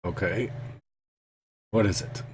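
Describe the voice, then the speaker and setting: A man voicing a sleepy, hesitant male priest in a tabletop game, talking in a halting way. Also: low-pitched, darkish tone.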